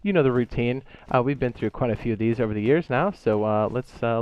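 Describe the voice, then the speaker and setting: A man's voice: medium pitch, brisk, smooth, dry recording, dull audio. A man hosting a gaming channel, reading out update notes with offhand asides and fillers. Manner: reads list items aloud with offhand asides and fillers. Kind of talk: casual patch-notes rundown.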